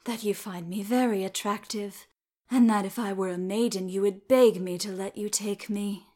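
A woman's voice: medium pitch, flat delivery, a little slow, close to an everyday voice. A woman putting on a haughty elf king. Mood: scornful. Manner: scornful, cutting. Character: proud haughty male elf king, spiteful.

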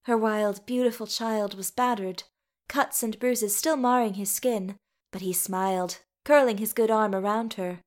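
A woman reading a story aloud in a steady, even narration. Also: mid-range voice, unhurried.

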